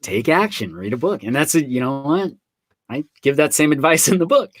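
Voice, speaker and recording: A man's voice: fairly high pitch, animated, fairly quick, no echo. Chatty man telling stories on a stream. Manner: chatty storyteller, acts out quoted voices. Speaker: author hosting a live online book signing. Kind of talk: casual video-call chat.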